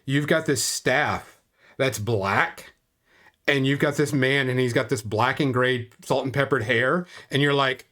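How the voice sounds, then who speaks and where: A man narrating a tabletop game as game master, in a casual, drawn-out storytelling way. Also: medium pitch, a bit bright.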